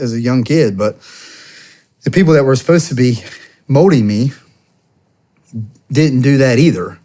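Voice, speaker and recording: A man in his thirties, a podcast guest, telling stories casually and acting out the dialogue in them. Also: medium pitch. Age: 30s. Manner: animated, acts out quoted dialogue. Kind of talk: casual storytelling.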